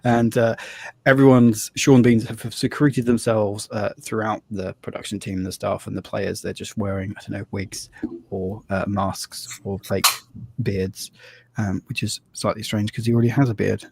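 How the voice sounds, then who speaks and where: A man's voice: on the low side, flat delivery, moderate pace, vocal fry, darkish tone, breathy edge, no echo. A man hosting a live tabletop game stream as game master, talking in a loose, chatty way with fillers and restarts.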